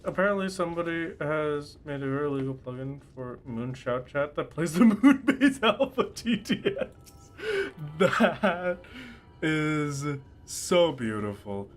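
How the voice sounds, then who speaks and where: Excitable young-sounding male game streamer. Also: a little high, measured pace. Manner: playful and excitable, squealing and laughing at surprises. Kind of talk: casual livestream chat while gaming.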